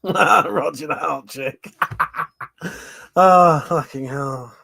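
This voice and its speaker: A man's voice: fairly high pitch, very slow, gravelly, bright, forceful tone. A man hosting a live stream, chatting casually with viewers and laughing often between jokes and swearing.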